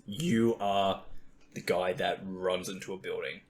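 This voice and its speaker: A man's voice: deep voice, steady tone, measured pace, slight background noise. A young man hosting a podcast, chatting casually about video games, swearing a lot and acting out what other players say. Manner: profane and jokey, acts out quotes. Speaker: podcast host. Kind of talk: casual chat about gaming.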